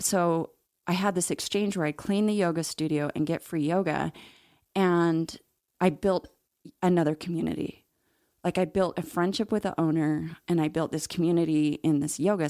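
A woman's voice: on the low side, a little mellow, no room sound, studio quality. A middle-aged woman, an interview guest, telling her personal story in a candid, reflective way with occasional laughs.

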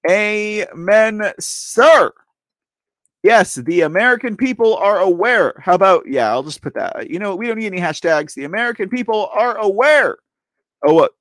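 A man's voice: high-pitched, expressive, normal speed, dry recording, studio quality. Guy hosting a commentary show, bouncy voice all over the place, goofs around and corrects himself a lot. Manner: playful, rambling, self-correcting, keeps saying ladies and gentlemen. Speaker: host of a political commentary show. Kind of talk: casual live commentary.

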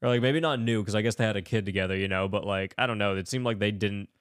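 A man co-hosting a casual podcast, recapping a movie with laughter and quick impressions of its characters. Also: lowish voice, clean tone, no echo, clean studio sound. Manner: animated, laughing, mimics characters in voices. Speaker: podcast co-host.

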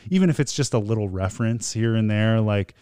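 A man's voice: on the low side, lively intonation, fairly quick, dark tone, clear, resonant tone, dry recording, clean studio sound. A man, guest on his wife's podcast, chatting in a rambling, self-mocking way with many fillers. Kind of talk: casual chat.

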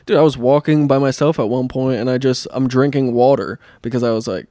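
A young man co-hosting a casual podcast, talking at an ordinary pitch. He rambles through his story with plenty of cursing and loose fillers. The sound is dry and close, with no room around it. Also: steady tone, a little fast, warm tone, dry recording. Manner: rambling, profane storytelling with laughs. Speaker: podcast co-host. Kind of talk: casual chat.

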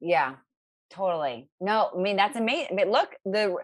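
A woman's voice: medium pitch, animated, normal speed, no echo. A woman host in a casual interview, speaking with gushing, fan-like enthusiasm. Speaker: podcast host.

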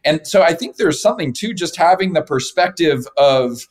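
A man's voice: on the high side, animated, fairly quick, hardly any pauses, husky. A man hosting a podcast in casual conversation, affirming and conversational as he responds to his guest. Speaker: podcast host.

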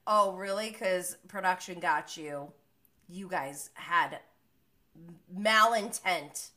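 Bright-voiced woman recapping a reality show. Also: fairly low pitch, slow pace. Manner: animated, blunt and swears freely. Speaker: live-streaming reality TV recapper. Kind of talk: casual recap chat.

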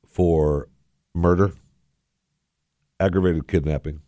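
A man's voice: low-pitched, steady tone, slow pace, warm tone, no room sound. A man hosting a talk radio show into a headset mic, talking in a put-on folksy drawl with a joking, sarcastic manner. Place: radio studio. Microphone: headset microphone.

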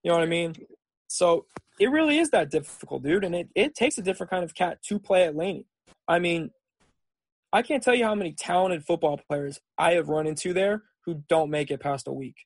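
A young man talking on a podcast in a relaxed, rambling way, dropping "dude" and "like" as he tells his stories. His voice sits somewhat high for a man. The recording is dry and close. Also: brisk, dry recording. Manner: laid-back, rambling storyteller saying "dude" and "like". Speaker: podcast guest, junior college football player. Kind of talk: casual chat.

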